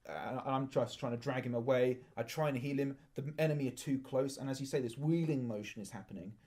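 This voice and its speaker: A man's voice: medium pitch, mellow. A man co-hosting a podcast, eagerly recounting events in casual chat. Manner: quick, eager recounting with filler "like". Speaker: podcast co-host.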